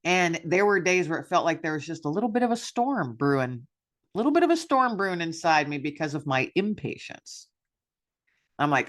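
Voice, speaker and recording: A woman's voice: low voice, sing-song, fairly quick. A woman podcast host talking candidly in a personal reflection monologue, self-deprecating and upbeat.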